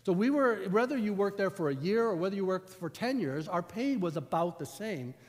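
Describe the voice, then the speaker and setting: Male pastor, storytelling sermon, higher-pitched voice, long church reverb. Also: lively intonation, fairly quick. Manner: storytelling, conversational.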